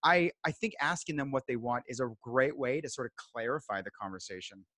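A man guesting on a podcast, giving calm, measured advice in casual chat. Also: mid-range voice, no echo. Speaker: guest home inspector.

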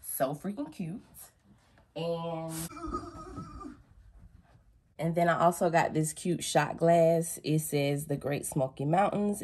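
A woman's voice: low voice, takes it slowly, pauses often, dark tone. A young woman vlogging at home to her phone camera, chatty and playful, calling her viewers baby and girl. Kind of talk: casual chat to camera.

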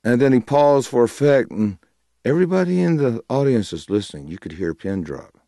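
A middle-aged blues guitarist tells a story in an interview, animated and laughing as he imitates other people's voices. His voice is mid-range and a little fast, captured in a dry, clean studio recording.

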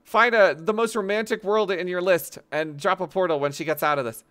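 A woman's voice: fairly low pitch, a little fast, a bit bright. A woman streamer in casual livestream chat, laughing a lot as she feeds a friend prank lines to repeat.

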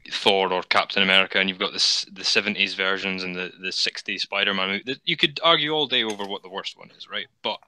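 A man's voice: lowish voice, bright, forceful tone, no room sound, rough recording. A man from Scotland with a Scottish accent, arguing his case as a debate guest, dry and articulate. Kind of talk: casual debate.

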